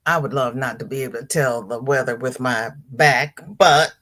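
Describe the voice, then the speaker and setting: A woman's voice: a bass voice, moderate pace, a bit bright. A middle-aged woman hosting a casual livestream, greeting viewers by name and reading out their chat comments. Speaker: livestream host.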